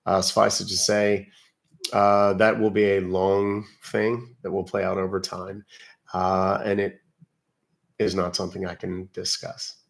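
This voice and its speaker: A man with a slightly low voice chats his way through a live stream, loose and unscripted. He talks in a folksy, rambling manner, dropping in "uh"s and mild old-fashioned exclamations as he goes. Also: completely flat delivery, measured pace, creaky. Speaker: live-stream host baiting scam callers. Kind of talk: casual live-stream chat.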